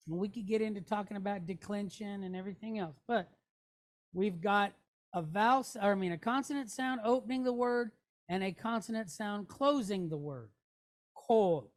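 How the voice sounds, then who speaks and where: A woman teaching a Hebrew reading lesson, sounding out each syllable patiently and checking in with her listeners. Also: medium pitch.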